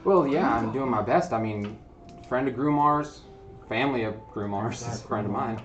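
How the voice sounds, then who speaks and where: A man voicing a fumbling, neurotic male halfling courier with a put-on Southern accent, halting and apologetic. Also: mid-range voice, echoey room, slight background noise, close to an everyday voice. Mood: nervous.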